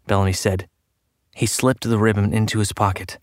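A man narrating an audiobook in a measured, steady manner. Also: fairly low pitch, no echo, clean studio sound. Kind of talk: scripted narration.

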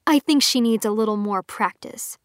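A smug, careless young man tossing off snide remarks in a storybook, as a woman reader puts him on. The voice sits a touch high and the sound is dry and close. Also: normal speed, dry recording, lightly acted. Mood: mocking. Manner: snide, offhand.

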